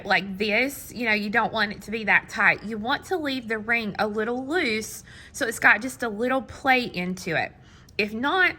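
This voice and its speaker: A middle-aged woman teaching a hands-on beading tutorial, patient and step by step, sometimes counting beads quietly to herself. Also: mid-range voice. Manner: slow, patient, counting beads under her breath. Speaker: beading instructor.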